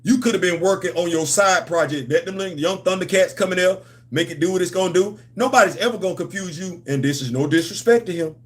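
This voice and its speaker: A man's voice: sits high, quick pace, hardly any pauses. A man hosting a comics and culture channel, talking in a loose, playful, repetitive way with slang. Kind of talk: casual livestream chat.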